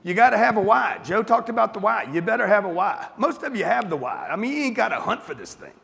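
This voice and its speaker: A man with a raised, gravelly voice works a live audience with blunt, profane motivational talk. He fires questions at the crowd, and a long reverb trails every line, the sound of a big event hall. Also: high voice, big pitch swings, quick pace, a bit bright. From United States. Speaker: motivational speaker.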